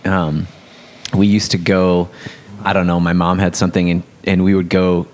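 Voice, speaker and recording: A man's voice: sits low, level tone, normal speed, darkish tone. A man telling a story in a casual faith discussion, rambling with lots of fillers. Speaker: podcast co-host.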